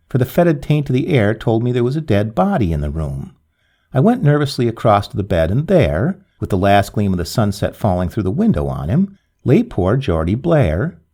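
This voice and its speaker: Mellow, very expressive male storyteller. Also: fairly low pitch. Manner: expressive, swooping delivery with sudden lifts. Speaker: story narrator. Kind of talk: first-person dramatic story reading.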